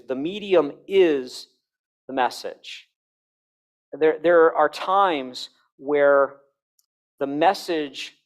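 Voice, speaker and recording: A middle-aged man lecturing at a Christian conference, his voice sitting at an ordinary middle pitch. He talks conversationally, slipping in wry, self-deprecating jokes, and sometimes demonstrates tones of voice or sings a line to make a point. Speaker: conference speaker. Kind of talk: Christian worldview conference talk.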